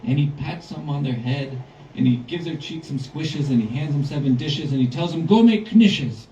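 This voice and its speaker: A man's voice: medium pitch, normal speed, mellow, slight background noise. A male storyteller performing a rhyming tale for an audience in a rhythmic, singsong delivery in a record store. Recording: roomy, distant, dull live recording.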